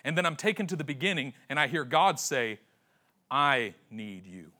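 A high-pitched male pastor whose voice leaps all over as he tells the story. He acts out the characters in slangy voices, drops to a hush, then rises again. The tone is bright and ringing. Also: expressive, fast talker. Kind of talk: sermon.

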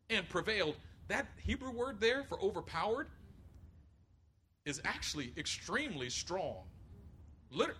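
A middle-aged man preaching a sermon, animated, acting out voices of others and rising to near shouts. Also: high voice, slight background noise. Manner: acts out voices of others in quotes. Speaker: pastor.

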